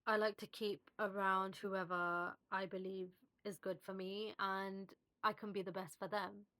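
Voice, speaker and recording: A woman vlogger speaking softly and reflectively to her viewers, with fillers and small restarts. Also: mid-range voice, little pitch movement, a little slow. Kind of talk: heartfelt one-on-one talk to camera. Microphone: phone at arm's length, video-call style.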